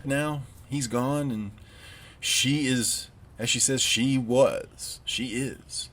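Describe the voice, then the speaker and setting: A man's voice: medium pitch, drawn-out words, fairly bright tone. A man with a Southern US accent giving a recorded literature lecture, conversational with wry asides. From United States.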